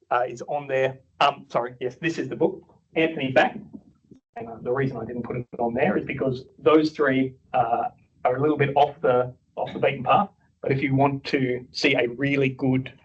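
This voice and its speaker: A man's voice: medium pitch, slightly rough, highs cut off. An Australian man teaching clinical staff, chatty and blunt, acting out patient dialogue as he goes. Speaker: clinical nurse educator. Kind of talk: workshop teaching.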